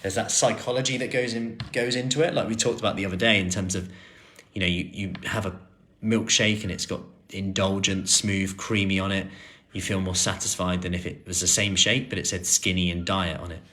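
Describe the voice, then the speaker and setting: A man in his thirties, a personal trainer chatting through viewer questions on a live stream, relaxed with plenty of fillers and restarts. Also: low voice, brisk.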